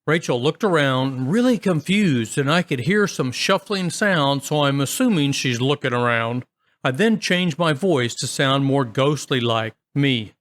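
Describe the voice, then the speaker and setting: A man's voice: mid-range voice, expressive, a little slow, fairly bright tone. A man casually reading online stories aloud, adding wry, chatty comments between them. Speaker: story narrator.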